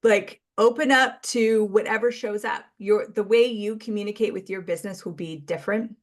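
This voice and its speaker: Woman from Canada, podcast guest, chatty and animated in her retelling. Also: medium pitch, normal speed. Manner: chatty, acts out quoted dialogue, laughs often. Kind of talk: casual chat.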